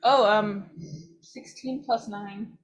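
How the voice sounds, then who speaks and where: A woman's voice: medium pitch, fairly even intonation, slow pace, dull audio, a little hiss or hum. Joking woman playing a tabletop game. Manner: joking, casual. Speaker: player. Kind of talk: casual tabletop play.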